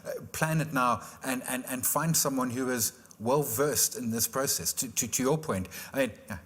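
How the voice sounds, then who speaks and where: A man's voice: mid-range voice, moderate pace, fairly bright tone, husky, long reverb tail. A man hosting an interview, summarizing points with stammering restarts. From South Africa. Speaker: interview host. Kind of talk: virtual conference interview.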